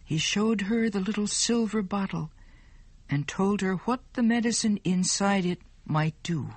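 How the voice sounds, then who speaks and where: A woman narrating a story in a slow, clear, deliberate way. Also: mid-range voice, no echo.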